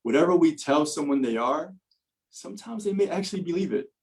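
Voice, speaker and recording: A man's voice: fairly high pitch, expressive, brisk, darkish tone, rough recording. Earnest man telling a long story. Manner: earnest storyteller, many fillers and restarts. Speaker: podcast guest. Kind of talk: personal testimony in conversation.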